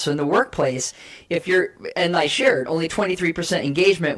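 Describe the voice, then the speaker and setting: A woman guest giving an energetic, persuasive talk on communication styles and acting out short role plays to make her points. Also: low voice, vocal fry. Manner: energetic, persuasive, emphatic teaching. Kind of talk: animated explanatory talk with role play.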